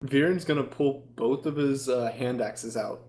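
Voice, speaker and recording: A man's voice: mid-range voice, measured pace, a little mellow. A man playing in a tabletop game, talking loosely and chattily with fillers and laughs. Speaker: player. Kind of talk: casual tabletop game play.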